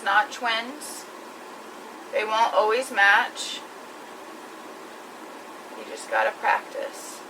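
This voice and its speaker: A woman's voice: on the high side, distant mic, noisy background. A woman talking through her makeup routine step by step in a chatty vlog. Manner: chatty, explains each step. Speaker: beauty vlogger. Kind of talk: makeup tutorial.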